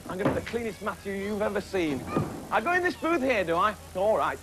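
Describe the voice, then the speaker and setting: A young man hosts a children's puppet show with playful, exclaiming patter. His voice rides high and swings widely in pitch. Music plays clearly behind him. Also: very animated, fast, rough recording. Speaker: children's TV presenter.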